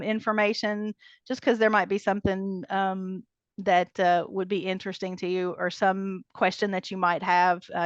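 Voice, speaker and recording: Fast-talking woman giving a webinar tour. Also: mid-range voice, no echo. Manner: brisk, chatty, many ums, light laughs. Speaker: training coordinator presenting a webinar. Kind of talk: casual walkthrough of a website. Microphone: computer mic on a video call. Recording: dull lo-fi video call audio.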